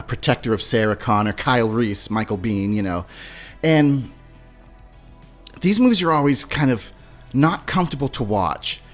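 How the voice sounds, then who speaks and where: Male podcast host, mid-range pitch, chatty animated storyteller, faint music underneath. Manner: animated storyteller, mimics beeping sounds and movie lines. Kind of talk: casual movie-talk podcast.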